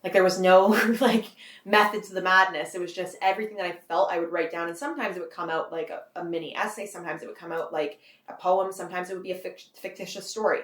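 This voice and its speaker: A young Canadian woman in her twenties rattles on quickly in a slightly low voice, piling up "like" as she goes. Her voice rings with a bit of room echo. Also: steady tone. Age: 20s. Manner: rambling, heavy use of "like", frequent laughs. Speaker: guest author. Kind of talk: casual interview.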